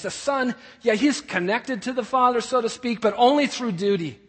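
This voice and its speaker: A male preacher with a high, slightly husky voice, driving his points home by repeating short phrases. His voice rings through a church hall with a long reverb tail. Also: lively intonation, moderate pace, hardly any pauses, fairly bright tone. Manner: emphatic, repeats key phrases. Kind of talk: sermon.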